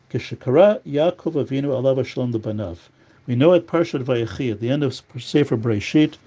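A man gives a religious law lesson in a warm, relaxed voice, reading a passage of Hebrew and then explaining it in English. The recording sounds muffled and lo-fi. He speaks at a middling pitch. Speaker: Torah teacher.

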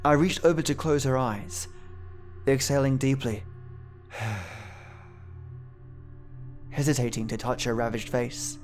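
A male narrator reads a creepy first-person story at an unhurried, deliberate pace. His voice sits at an ordinary pitch, and his delivery is measured and somber. Faint music plays beneath him. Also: steady tone. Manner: slow, measured, somber reading. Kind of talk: scripted horror narration.

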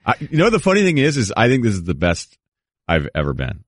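A low-voiced man hosts a radio talk show, speaking quickly and with a wry self-deprecating edge. He is recorded dry on a close studio microphone, with no room sound. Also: wildly swooping pitch, dry recording. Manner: fast, reflective, self-deprecating.

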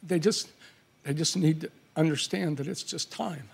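A middle-aged man, a father appearing as a talk show guest, speaking in a hesitant, halting way. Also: fairly high pitch, vocal fry, husky. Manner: hesitant, halting, soft-spoken.

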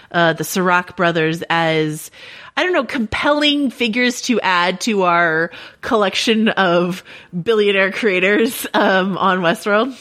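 A woman co-hosting a podcast in casual chat, animated and chatty, laughing easily and restarting her sentences often. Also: medium pitch. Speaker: podcast co-host.

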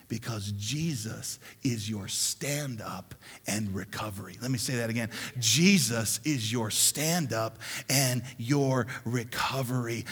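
A man preaching a sermon as a pastor, swinging from loud calls for the crowd to repeat after him to hushed whispers, in a large church hall. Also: medium pitch, breathy edge. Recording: long reverb of a large hall.

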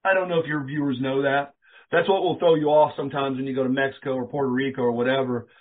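A man's voice: mid-range voice, fast. A man telling wrestling stories in a casual interview, acting out the voices of the people he quotes and swearing casually. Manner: animated storyteller, acts out quoted dialogue, swears casually. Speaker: interview guest, former pro wrestler. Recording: tinny phone-like line.

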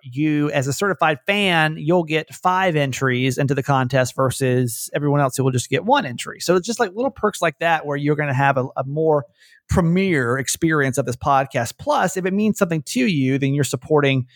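A man's voice: on the high side, animated, a little fast, no echo, studio quality. A man hosting a podcast, talking with a light Southern American accent in a rambling, self-interrupting way, often chuckling. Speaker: podcast host. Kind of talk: casual podcast chat.

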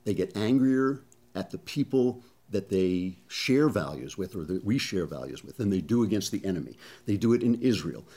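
Animated male political commentator. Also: fairly low pitch, moderate pace, slightly rough. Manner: animated, sarcastic, conversational. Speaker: talk show host.

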